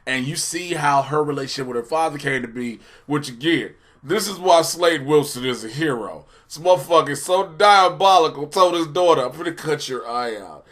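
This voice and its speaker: A man co-hosting a casual comedy review chat, retelling scenes in an animated, profane way. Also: on the high side, moderate pace, few pauses. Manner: animated, profane storytelling with acted-out quotes. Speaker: co-host of a TV episode review show.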